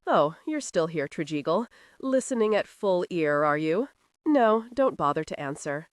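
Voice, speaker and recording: A woman's voice: lowish voice, sing-song, moderate pace, dry recording, studio quality. A woman voicing a brooding, short-tempered young nobleman who talks in a curt, commanding way in an audiobook.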